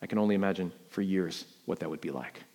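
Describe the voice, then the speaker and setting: A middle-aged man from New York preaching a sermon, telling a personal story with sharp swings between loud emphasis and hushed quiet. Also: low-pitched, fast. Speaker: pastor.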